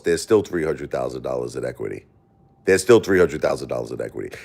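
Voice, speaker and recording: A man hosting a livestream who talks to his chat in a defensive, argumentative way and often repeats himself. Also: deep voice. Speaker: livestream host.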